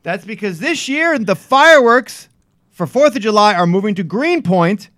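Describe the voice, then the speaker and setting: A man hosting a casual news show and quizzing his partner in a teasing way. He sounds high for a man and very lively in pitch. The room is dry and close. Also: moderate pace, dry recording. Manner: teasing, animated, quizmaster. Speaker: co-host. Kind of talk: casual radio-style news quiz banter.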